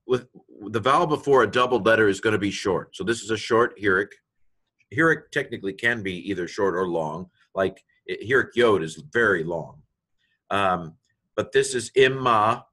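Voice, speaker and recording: A middle-aged male teacher giving a lecture, patiently explaining step by step and slowly sounding out letters and vowels. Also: fairly low pitch, bright, forceful tone, slightly rough. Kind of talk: classroom lecture on reading Hebrew.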